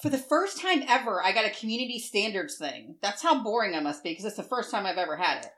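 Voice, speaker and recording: Animated chatty woman telling stories. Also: mid-range voice, quick pace, slight background noise. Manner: animated storyteller, acts out quoted voices, swears freely. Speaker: co-host. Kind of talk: casual chat.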